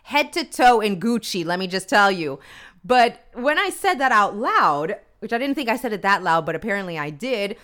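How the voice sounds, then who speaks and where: A woman in her thirties talks through a list in a candid, chatty way, dropping wry comments and the odd curse. Her voice is bright and sharp, smooth and crisp, and her pitch rises and falls a great deal. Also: big pitch swings, normal speed. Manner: candid, chatty, swears freely, comments wryly as she reads. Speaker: podcast host. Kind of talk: casual chat reading from a list.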